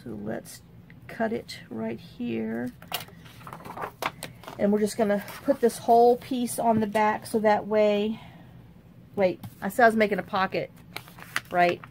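Hosting a crafting channel, a woman talks through a casual tutorial at a slow pace and steady middle pitch, with vocal fry and frequent pauses. She rambles and thinks aloud, her voice often sinking into a low mutter as she works. A faint hiss runs beneath the recording.

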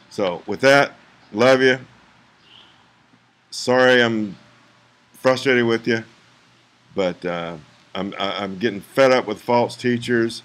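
A man in a frustrated, preachy rant to his viewers, firing rhetorical questions and urging them to act. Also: fairly low pitch. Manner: trails off into mutters, then rises to urgent pleas. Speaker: vlogger.

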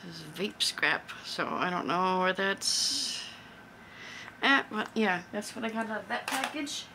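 A woman casually showing off a haul of craft supplies, chatty and excitable, thinking aloud as she unpacks. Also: medium pitch, measured pace, a little hiss or hum. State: out of breath. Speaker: crafting vlogger. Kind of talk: casual thrift haul show-and-tell.

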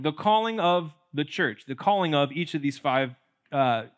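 Playful preaching man, a bit high-voiced. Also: fairly bright tone. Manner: conversational, playful preaching with asides and laughs. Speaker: pastor. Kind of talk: sermon. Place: church sanctuary.

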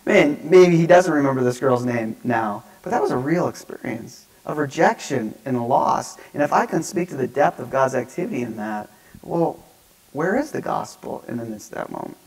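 A man giving a lecture, telling stories in an animated, self-mocking way that swings between hushed and loud. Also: mid-range voice, moderate pace, rough recording. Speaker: speaker at a divinity school lecture. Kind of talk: storytelling lecture. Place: lecture hall.

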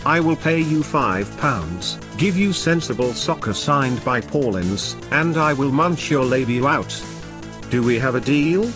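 A man hosts a scripted comedy sketch as a boastful, foul-mouthed game collector, ranting in an animated voice that swings up and down. Soft music sits faintly behind him. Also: medium pitch, measured pace. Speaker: comedic host playing an angry game collector.

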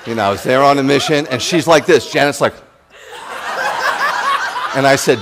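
Brief: New rabbi, lively and jokey sermon delivery, talks right at the congregation. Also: male voice, a little high, brisk, pauses often, noisy background. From New York. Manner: animated, joking, addresses the congregation directly.

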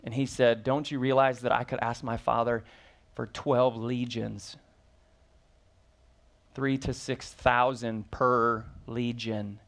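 A man's voice: medium pitch, flat delivery, slow pace, fairly bright tone. A man preaching as pastor, reading scripture aloud and then explaining it with rising emphasis and questions to the congregation. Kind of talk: sermon.

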